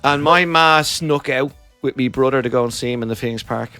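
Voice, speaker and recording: A middle-aged Irish man, a comedian, telling animated stories in a casual interview and slipping into voices for the people in them. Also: mid-range voice, soft background music. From Ireland. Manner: quick, animated, puts on voices for anecdotes. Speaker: comedian guest. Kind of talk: animated storytelling chat.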